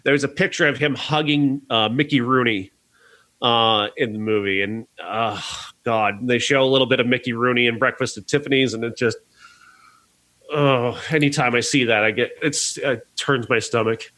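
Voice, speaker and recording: A man's voice: mid-range voice, steady tone, moderate pace, bright, forceful tone. A man reviewing a documentary on a podcast, talking earnestly and rambling a little, with frequent restarts. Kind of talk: casual review chat.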